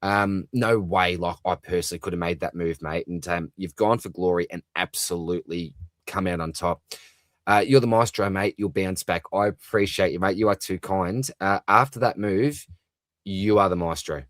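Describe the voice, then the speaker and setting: Low-voiced Australian man chatting on a live stream. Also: normal speed, fairly bright tone, dry recording. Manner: chatty, matey, calls everyone mate, lots of fillers. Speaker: fantasy football livestream host. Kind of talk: live stream reading and answering chat comments.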